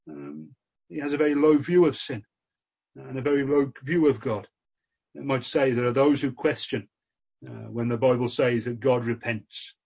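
A man preaching a sermon in an earnest, measured way, with frequent fillers. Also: medium pitch, gravelly, darkish tone, husky. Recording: dull lo-fi recording.

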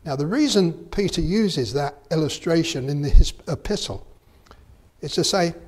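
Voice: medium pitch, normal speed, darkish tone. A preacher delivering a sermon with emphatic delivery that rises to fervent peaks, reading scripture aloud in King James wording.

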